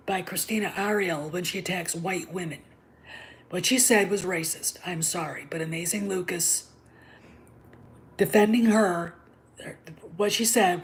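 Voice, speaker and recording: A middle-aged woman hosting her own channel, delivering a heated, emphatic rant that drops to whispers for emphasis. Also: mid-range voice. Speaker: channel host. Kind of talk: ranting opinion monologue.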